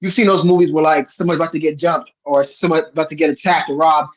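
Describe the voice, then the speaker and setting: A man telling a story in casual chat, rambling and animated with many restarts. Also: a little high, racing. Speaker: host. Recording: dull lo-fi sound.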